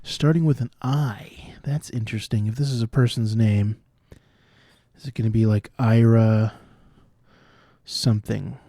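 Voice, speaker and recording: A man solving cryptic crossword clues out loud, thinking through each one and explaining the wordplay as he goes. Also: lowish voice, steady tone, measured pace, dry recording, clean studio sound. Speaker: puzzle solver.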